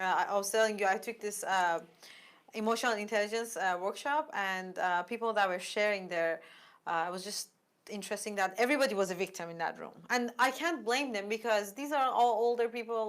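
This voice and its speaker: A woman's voice: on the high side, fairly bright tone. A woman co-hosting a casual talk show, telling a personal story and acting out the dialogue. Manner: chatty storyteller, acts out quoted dialogue. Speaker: podcast co-host. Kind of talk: casual chat.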